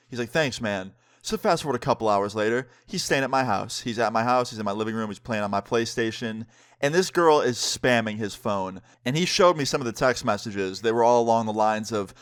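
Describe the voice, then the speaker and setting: Young guy telling a storytime, mid-pitched voice, slangy and chatty, dry close sound. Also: a little fast, fairly bright tone, no echo. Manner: casual, slangy, heavy use of "like" and "dude"; acts out both sides of conversations. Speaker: vlogger. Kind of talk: storytime narration.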